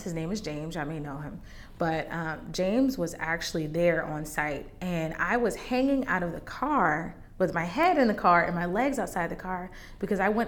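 A woman hosting a faith podcast, candidly sharing a personal testimony in a conversational way that turns emotional at times. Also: fairly low pitch. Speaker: podcast host.

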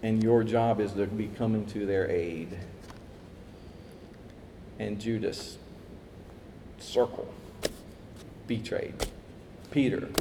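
A man preaching a sermon, lively, acting out quoted voices as he tells the story. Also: on the low side, background noise. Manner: animated, acts out quoted voices, chuckles. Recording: echoey hall with faint ambience.

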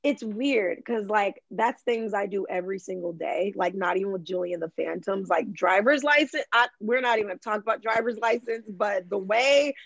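In a dry, dull lo-fi recording, a young woman from Michigan chats with a gravelly edge to her voice. She restarts her sentences often and fills them with "like", in an easy, unscripted podcast style. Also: medium pitch, dry recording. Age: young adult. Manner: chatty, full of "like", quick restarts. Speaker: guest, social media creator. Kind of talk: casual podcast chat.

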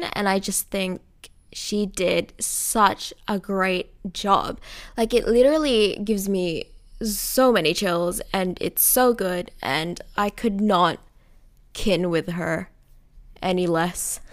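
Young woman, casual film vlog, gushing, giggly, talks to viewers, mid-pitched voice. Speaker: film vlogger. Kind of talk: casual chatty film commentary.

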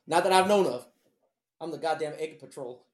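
A man's voice: on the high side, moderate pace, heavy background noise. A man in casual, crude podcast chat, telling stories with lots of swearing, laughter and acted-out voices. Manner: profane, animated storytelling with laughs and impressions. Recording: roomy echo.

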